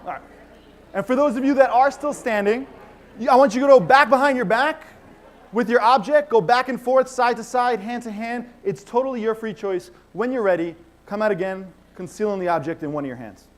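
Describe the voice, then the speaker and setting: A man's voice: very high-pitched, brisk. A man performing as a mentalist on stage, giving an audience playful, commanding instructions in a large conference hall. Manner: energetic, commanding, playful crowd work. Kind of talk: live stage show with audience participation.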